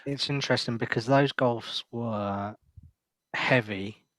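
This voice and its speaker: A man's voice: medium pitch, slow pace, a bit bright, no echo. A man co-hosting a car podcast, casual, reading a listener letter aloud and chiming in briefly. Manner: short agreeing replies, reads letters aloud. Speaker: podcast co-host.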